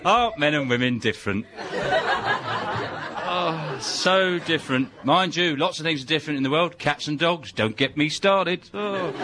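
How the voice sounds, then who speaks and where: A man delivering a dry, deadpan stand-up monologue. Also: fairly high pitch, background noise. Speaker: comedian.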